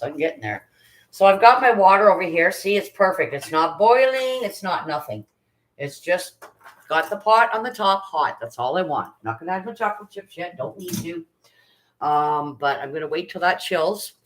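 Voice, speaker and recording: A woman's voice: low voice, lively intonation, moderate pace, poor audio. A middle-aged woman talks casually through a live baking stream. She chats along as she works, greets viewers by name and reads out their comments.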